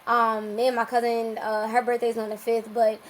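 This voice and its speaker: A woman guest on a podcast telling a personal story in a casual, animated way, laughing often and restarting her sentences. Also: fairly high pitch, normal speed, poor audio.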